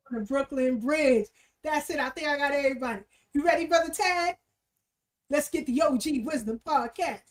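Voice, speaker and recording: High-voiced energetic woman host. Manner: energetic, repeats greetings in threes. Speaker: livestream host. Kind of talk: casual livestream shout-outs and chat.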